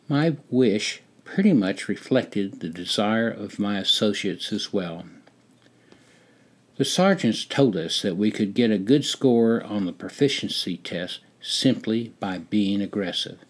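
A man in his seventies telling his own army memoir in a measured, wry way. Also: on the low side. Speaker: storyteller. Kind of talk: memoir narration.

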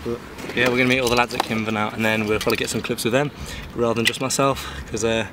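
A man's voice: medium pitch, flat delivery, fast talker. A young man from England vlogging casually at a skatepark, chatty and offhand. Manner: chatty, offhand, mumbled fillers. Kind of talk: casual vlog narration. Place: outdoors at a skatepark. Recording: loud outdoor noise, distant mic.

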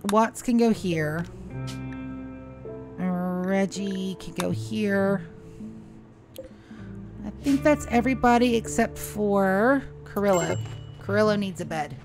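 A woman streaming a game live, chatting playfully and rambling through her moves with plenty of fillers. Her voice sits at an ordinary pitch, with soft game music under it. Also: takes it slowly, long pauses. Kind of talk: live gameplay commentary.

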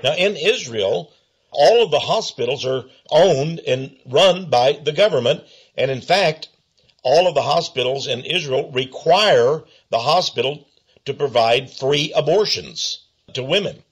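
A husky-voiced man with a fairly high pitch tells an anecdote on talk radio. He hesitates often, filling gaps with uhs as he goes. His delivery is conversational and argumentative. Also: lively intonation, a little slow. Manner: storytelling, many hesitant uhs. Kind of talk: political talk radio discussion.

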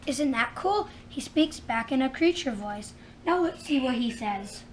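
A woman hosting a casual toy unboxing, chatty and excited as she narrates each step aloud. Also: high-pitched, measured pace, a little hiss or hum. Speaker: unboxing channel host.

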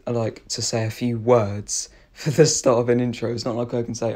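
Casual male YouTuber voice-over, mid pitch, explaining. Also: flat delivery, moderate pace, darkish tone. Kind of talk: voice-over commentary.

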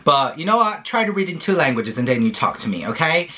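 A man's voice: a little high, big pitch swings, quick pace, sharp tone. A young man from Brazil, a native Portuguese speaker with a Brazilian accent, chatting casually and playfully as a guest. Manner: playful, laid-back, giggly. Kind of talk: casual chat.

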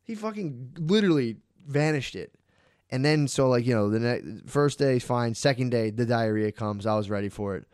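A man's voice: mid-range voice, lively intonation, moderate pace, darkish tone, dry recording, clean studio sound. A young man in casual podcast chat, co-hosting and rambling through profane stories while laughing at his own jokes. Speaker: podcast co-host. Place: podcast studio.

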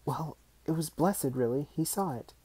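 Audiobook figure: a timid small boy, eager and a bit anxious, pitched high, as a man reads him. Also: moderate pace, warm tone, slightly rough, no echo, rough recording.

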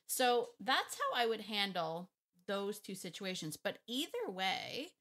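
A woman dog trainer explaining her methods in a casual, emphatic way, thinking out loud and laughing often. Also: mid-range voice, very animated, slow. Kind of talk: casual talk to camera, teaching.

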